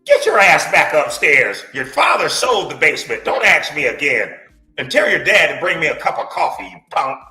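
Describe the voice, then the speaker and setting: A man's voice: a little high, big pitch swings, moderate pace, pushed and bright, echoey room, faint music behind, exaggerated voice. A man voicing a crude, bossy older man who barks orders at a boy. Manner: gruff, bossy.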